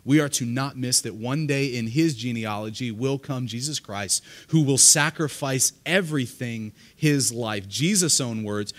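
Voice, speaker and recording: At a live church service, a male pastor preaches a sermon to his congregation in an earnest manner, often repeating words as he begins a sentence. His voice is medium-pitched and a bit bright, and he speaks unhurriedly.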